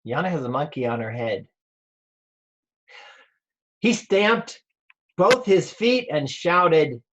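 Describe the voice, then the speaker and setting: Reading a picture book to children via video call, a rabbi with a high male voice is very animated, taking it slowly and playfully and quizzing them as he goes. The recording is muffled.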